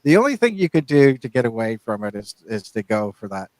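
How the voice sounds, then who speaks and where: A man's voice: mid-range voice, big pitch swings, a little fast, dry recording, rough recording. A man co-hosting a casual podcast, rambling and often restarting his sentences. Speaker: podcast co-host.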